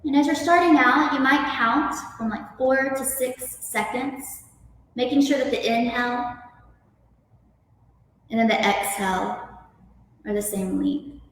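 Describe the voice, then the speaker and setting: A woman yoga instructor speaking calmly, gently guiding breathing and stretches. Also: high voice, measured pace, long pauses, heavy reverb, big-room sound, far from the mic, low-quality recording. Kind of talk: guest interview then guided yoga instruction.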